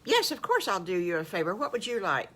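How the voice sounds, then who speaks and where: Kindly lawyer guy grandma doing the voice, polite and reassuring, bright tone. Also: medium pitch, wildly swooping pitch, brisk.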